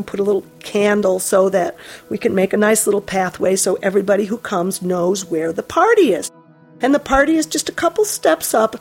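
A woman tells a casual personal story in a chatty, easygoing way with laughs and soft asides. Her voice sits in the middle range, with faint music in the background. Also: medium pitch, gravelly.

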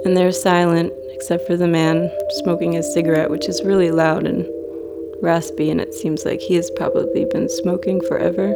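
A woman telling a personal story in a slow, reflective, dreamy way. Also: lowish voice, flat delivery, gravelly. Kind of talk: personal story told to an audience. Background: loud music.

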